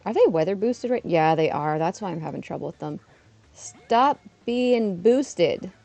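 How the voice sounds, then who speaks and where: A woman's voice: low voice, expressive, fast talker, gravelly, warm tone. A woman in her thirties from Canada, chatting casually on a live stream while playing a game and laughing often.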